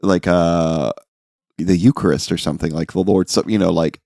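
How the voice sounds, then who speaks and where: Male podcast co-host, very deep and gravelly, dry close sound, musing and analytical. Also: fairly even intonation, moderate pace, dark tone, dry recording. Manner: analytical, thinks aloud with many fillers. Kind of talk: casual music podcast chat.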